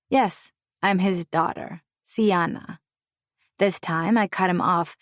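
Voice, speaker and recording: A woman's voice: lowish voice, no echo, clean studio sound. A woman narrating a first-person romance audiobook with a wry, sultry, playful delivery.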